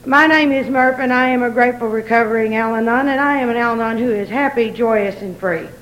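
A woman's voice: on the high side, brisk, a bit bright, muffled recording. A woman speaking to a recovery meeting, folksy and teasing, laughing as she talks. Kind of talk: casual speech to an audience.

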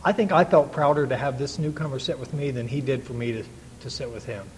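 A man's voice: medium pitch, fast, darkish tone, a little hiss or hum, rough recording. A middle-aged man telling his own story to a recovery meeting, in an earnest, folksy way with many restarts. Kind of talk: personal testimony to an audience.

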